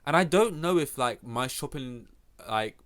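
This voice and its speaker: A man's voice: mid-range voice, expressive, unhurried, fairly bright tone. Rambling young Englishman ranting on a podcast. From England. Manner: rambling, profane, self-mocking, with many restarts. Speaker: podcast host. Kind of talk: casual solo podcast rant.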